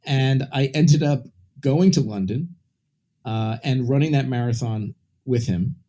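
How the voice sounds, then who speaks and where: A man's voice: medium pitch, measured pace, warm tone. A man from Brooklyn, a guest in an interview, telling a personal story in a candid, rambling way with many restarts and asides. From Brooklyn, New York.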